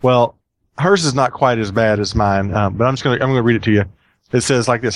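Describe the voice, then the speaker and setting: A man's voice: medium pitch, quick pace. A man hosting a casual podcast, rambling and chatty with plenty of fillers. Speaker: podcast host.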